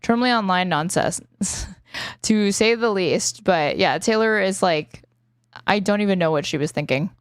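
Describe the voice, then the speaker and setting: A woman's voice: medium pitch, moderate pace, clean tone, no room sound, clean studio sound. A woman commentator casually retelling an online feud, rambling and filling her talk with lots of "like". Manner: rambling, filler-heavy retelling with many "like"s.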